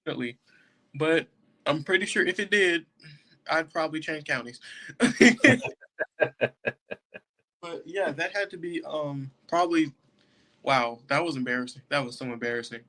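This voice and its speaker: A man's voice: fairly high pitch, normal speed, pauses often, sharp tone. A young man, a jail deputy and podcast guest, telling a story casually and laughing often as he goes. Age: young adult.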